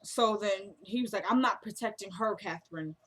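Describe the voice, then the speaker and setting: A woman's voice: mid-range voice, normal speed, a bit bright. A chatty woman recapping a TV episode in casual talk, acting out the characters' lines as she goes. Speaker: recap vlogger.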